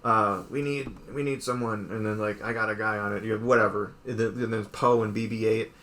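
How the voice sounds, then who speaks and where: A man co-hosting a casual chat, retelling scenes in a rambling way full of "like" and quick quoted voices. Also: on the low side, fairly even intonation, a bit bright, a little hiss or hum. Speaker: podcast co-host.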